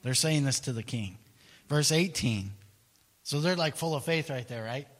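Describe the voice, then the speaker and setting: A man preaching a sermon, retelling scripture in an animated storytelling way and laughing often. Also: medium pitch, normal speed, long reverb tail.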